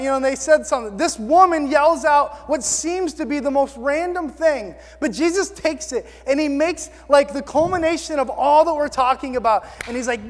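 A man preaching a sermon in an animated, excitable way, full of casual fillers. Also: very high-pitched, normal speed. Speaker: pastor. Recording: long reverb of a hall.

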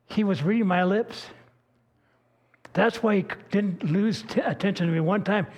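An older man, a pastor, delivers a sermon built around personal stories, his high voice a little mellow and his speed normal. He tells them in a folksy, earnest manner, frequently restarting his sentences.

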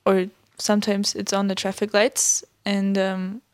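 An upbeat woman hosts a relaxed chat show. She keeps things moving with friendly questions and the odd um. Her voice sounds dry and close to the mic. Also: medium pitch, a little slow, dry recording. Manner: upbeat, asks questions with frequent ums. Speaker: podcast host. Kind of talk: casual chat.

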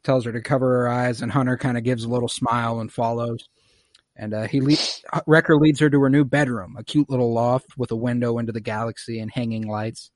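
A young man hosts a casual podcast, telling the episode's events in an animated, joking way. His pitch sits in a middle range, and the recording is dry and close with no room sound. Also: a little fast, dry recording. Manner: animated storytelling recap with swearing and jokes. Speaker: podcast host. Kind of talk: casual podcast recap chat.

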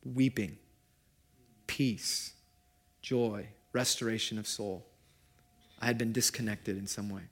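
Casting: male pastor giving a casual sermon, mid-pitched voice, moves from lively emphasis to near-whispered tenderness. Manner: animated, shifts from loud to hushed. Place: church gathering.

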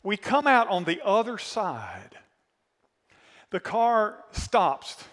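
Pastor, male, bright forceful voice, animated storyteller asking the room questions. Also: sits high, slow pace, in a large hall. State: voice worn from screaming. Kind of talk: sermon with storytelling.

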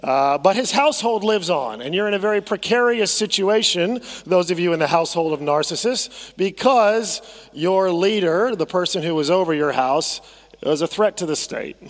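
A man's voice: high-pitched, lively intonation, moderate pace, in a large hall. A man preaching a sermon as pastor, conversational, often repeating phrases and asking the congregation to respond. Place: church sanctuary.

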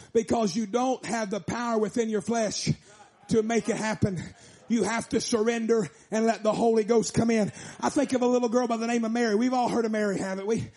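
A man preaching a revival sermon, shouting in a sing-song preaching cadence. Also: very high-pitched.

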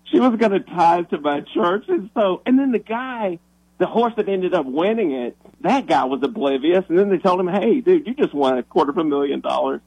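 A man who is a minister, telling a story on the radio in an animated, excitable way, often restarting his sentences. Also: high-pitched, moderate pace, slightly rough, no room sound, muffled recording.

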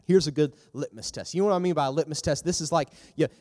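A man giving a youth sermon in a lively, storytelling manner, acting out the characters as he talks. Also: fast. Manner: animated, acts out characters with big pitch jumps. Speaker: youth pastor. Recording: long hall reverb.

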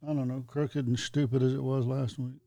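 A man's voice: mid-range voice, level tone, moderate pace, mellow, no room sound. A man in casual chat who speaks hesitantly with many ums and uhs and a wry edge.

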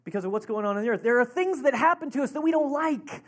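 Chatty, rambling pastor. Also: medium pitch. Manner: conversational, rambling storytelling with laughs. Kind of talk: sermon.

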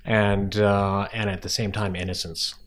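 Very low-voiced wry male filmmaker. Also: flat delivery, unhurried, a little hiss or hum. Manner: wry, self-deprecating storyteller. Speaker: film director guest. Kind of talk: casual podcast interview.

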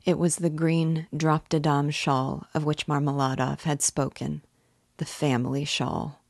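A woman teacher reading a novel aloud in a measured, even narration. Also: sits low, creaky, no room sound, studio quality. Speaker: literature teacher.

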